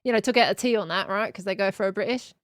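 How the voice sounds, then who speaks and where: A woman's voice: mid-range voice, very fast, dry recording, studio quality. A woman with an Australian accent chatting casually with a friend while gaming, playful and laughing often. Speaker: streamer.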